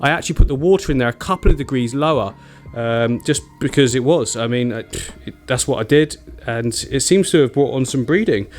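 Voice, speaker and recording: A man vlogging about his aquarium, excitable and chatty, laughing often between remarks. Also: medium pitch, brisk. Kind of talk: excited casual vlog narration.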